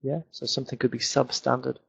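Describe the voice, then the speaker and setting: A man's voice: medium pitch, flat delivery, fast talker, gravelly, a bit bright, husky, low-quality recording. A man with a Northern English accent, an English teacher answering viewer questions in a webinar, explaining things with many fillers. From England. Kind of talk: webinar Q&A lesson.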